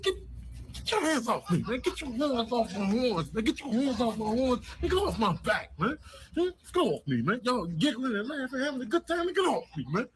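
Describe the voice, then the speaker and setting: A man's voice: very high-pitched, very animated, normal speed, slight background noise, pitched above the performer's own voice, poor audio. A man voicing a brash, trash-talking male ram in a comedic animal voiceover, full of street slang and taunts. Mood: irritated. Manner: taunting, boastful, loud street banter.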